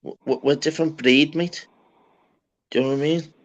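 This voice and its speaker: A man's voice: a little high, steady tone, normal speed. A man with a Scouse accent, chatting casually and swearing freely on a live stream. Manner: swearing, banter-heavy. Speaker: stream host. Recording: slightly dull lo-fi audio.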